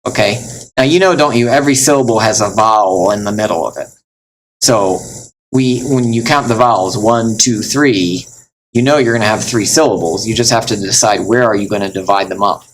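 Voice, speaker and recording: A man's voice: fairly low pitch, a little fast, slight background noise, rough recording. A man teaching a Latin pronunciation lesson, patiently explaining step by step, sounding words out and calling things neat. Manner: mildly enthusiastic, calls things neat. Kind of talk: recorded classroom lesson.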